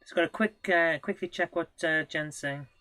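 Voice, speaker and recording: Soft music plays behind a woman with a low, fairly bright voice as she streams her gameplay live at normal speed, recorded dry. Her commentary is casual and chatty, and she laughs often at her own errors, mocking herself.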